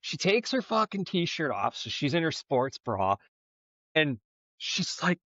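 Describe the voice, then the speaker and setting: A man's voice: on the high side, sing-song, slow, fairly bright tone, no echo. A man co-hosting a podcast, telling a story in a rambling, profane, casual way. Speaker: podcast co-host. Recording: dull, slightly lo-fi dry sound.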